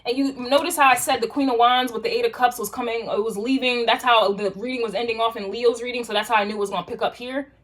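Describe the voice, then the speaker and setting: A woman's voice: a little high, fairly even intonation, quick pace, a bit bright. Casual profane woman giving a tarot reading. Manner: casual, profane, streetwise slang, rambling restarts. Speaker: tarot reader.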